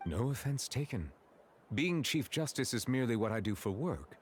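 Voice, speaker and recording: A man voicing a formal, courteous male chief justice who speaks in a measured, stiffly polite way with a French accent. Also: mid-range voice, sing-song, slight background noise, lightly acted.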